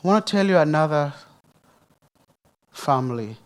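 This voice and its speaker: A man giving an emotional church testimony, talking straight to the audience. He preaches emphatically, rising loud and high, then dropping soft and low. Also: expressive, moderate pace. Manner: addresses the audience directly. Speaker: speaker sharing a testimony at a church service.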